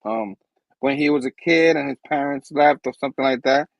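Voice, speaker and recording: A man's voice: mid-range voice, fairly even intonation, brisk, vocal fry, no echo, rough recording. A man hosting a casual comic book review chat, enthusiastic and rambling. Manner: enthusiastic, rambling, acts out characters' lines. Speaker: host.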